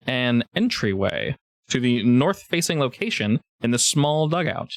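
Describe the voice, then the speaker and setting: A man running a tabletop game as game master, narrating in a casual, halting way with many fillers. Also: mid-range voice, big pitch swings, dry recording.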